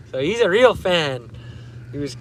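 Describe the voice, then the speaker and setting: A man's voice: on the high side, a little hiss or hum. A man in his thirties chatting casually with livestream viewers from a canoe on a lake, laughing often and reading comments aloud. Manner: laid-back, laughs often, reads chat aloud. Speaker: fishing livestreamer. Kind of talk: casual live-stream chat.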